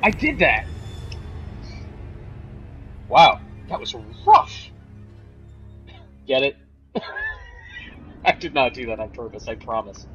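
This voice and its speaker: A man's voice: medium pitch, wildly swooping pitch, takes it slowly, pauses often, fairly bright tone, muffled recording, faint music behind. Joking man streaming a video game. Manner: joking, sarcastic, talks to chat viewers. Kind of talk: casual game stream commentary.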